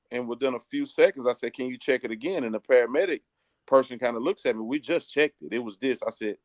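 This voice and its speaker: A middle-aged man, a pastor, tells his life story with earnest feeling, slowing down to let the key moments land. His voice sits at an ordinary middle pitch, and the recording is dry and close, with no room sound. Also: dry recording. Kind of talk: personal testimony in an interview.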